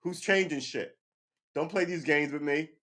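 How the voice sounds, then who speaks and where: This livestream host has a fairly high, slightly bright voice at a normal speed. He rants casually with heated emphasis, swears often, and laughs between points while repeatedly checking in with "right?"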